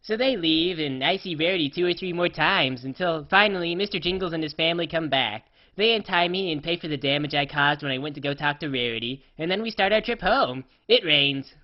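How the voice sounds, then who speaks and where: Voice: medium pitch, fairly quick, few pauses, lightly acted. A performer voicing a scatterbrained, cheerfully oblivious female pony who tells her story in the first person, rambling and offhand, full of "uh" and "like", on a slightly dull lo-fi recording.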